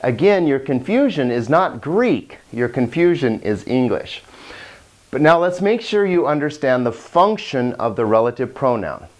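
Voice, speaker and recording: A Greek teacher holds a cat while giving a grammar lesson in a mid-range, darkish voice that swings widely in pitch. He speaks unhurriedly, patiently explaining and often repeating words as he restarts sentences.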